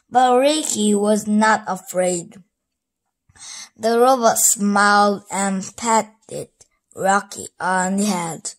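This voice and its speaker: A woman reading a children's book aloud, slowly and carefully, with small slips and restarts. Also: medium pitch. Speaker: storybook reader.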